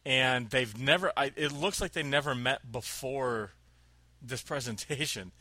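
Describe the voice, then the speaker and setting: A man tells a rambling workplace story in easy conversation, laughing as he goes and slipping into silly voices for the people he quotes. His voice is bright and tense, recorded close and dry. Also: mid-range voice, measured pace, no room sound. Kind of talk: casual chat, storytelling.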